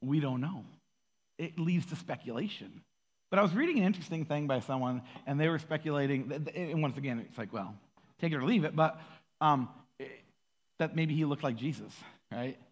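A man giving a casual, animated sermon, acting out quoted voices and laughing often. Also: fairly high pitch, moderate pace, slightly rough, long reverb tail. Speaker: pastor.

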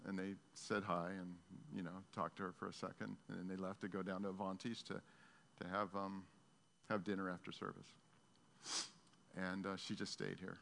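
Gravelly-voiced male pastor telling a story. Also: sits low, little pitch movement, a bit bright. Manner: earnest, halting storyteller. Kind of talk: sermon storytelling. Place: church sanctuary. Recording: long hall reverb.

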